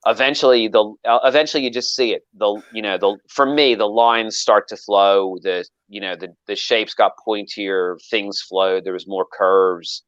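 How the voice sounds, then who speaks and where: A man's voice: on the low side, moderate pace, hardly any pauses, no room sound, highs cut off. A man telling a long story in casual chat, rambling with frequent restarts and acting out quoted lines. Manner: rambling with many restarts, animated quoting. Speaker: knifemaker guest.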